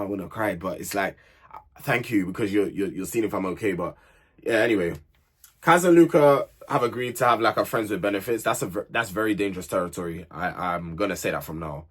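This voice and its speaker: A man's voice: fairly low pitch, a bit bright, husky. A young man recapping a reality show, blunt and exasperated, firing off rhetorical questions. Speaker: reality TV reviewer. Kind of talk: casual recap vlog.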